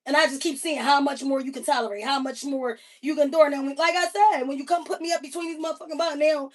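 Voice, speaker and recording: A high-voiced woman hosting a livestream launches into a quick, loose, heavily profane rant, telling an emphatic and animated story. She sits a bit away from the mic, so she sounds slightly distant.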